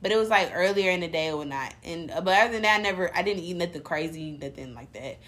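A young woman in casual chat, telling a story in a relaxed way, full of slang. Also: on the low side, fast.

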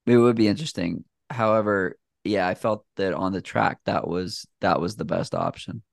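Low gravelly-voiced man, easygoing guest. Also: big pitch swings, moderate pace, no room sound, studio quality. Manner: easygoing, rambling, filler-heavy. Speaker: podcast guest, shoe reviewer. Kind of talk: casual conversation.

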